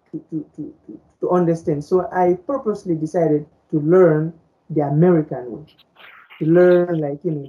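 Woman, native Fulani speaker, lowish mellow voice, rambling casual chat, dull lo-fi sound. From French-speaking Africa. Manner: rambling, many repeated words and fillers. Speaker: podcast co-host.

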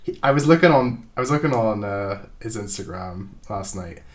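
A man's voice: fairly low pitch, animated, moderate pace. A young man co-hosting a casual podcast chat, rambling and sweary with frequent filler words. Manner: rambling, sweary, laughs often.

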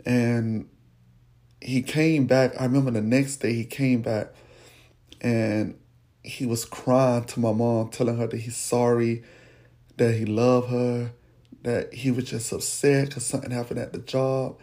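A man slowly recounting a painful childhood memory as personal storytelling, speaking. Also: medium pitch, flat delivery, dark tone. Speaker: podcast host telling his life story.

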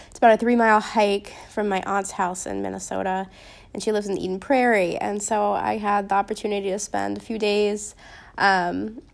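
A young woman with a slight Upper Midwestern accent hosts a casual Christian podcast in a mid-range voice with vocal fry. She's chatty and rambling, with many ums and restarts.

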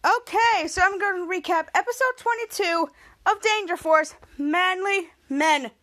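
A woman hosting a podcast, recapping a TV episode in a casual, excited way with many fillers and restarts. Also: very high-pitched, unhurried. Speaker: podcast host.

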